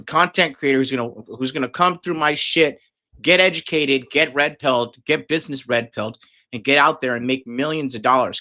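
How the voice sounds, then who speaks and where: A man's voice: mid-range voice, sharp tone. A man hosting a livestream, talking casually and aggressively, swearing often and berating his viewers. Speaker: livestream host. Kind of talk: profane livestream rant.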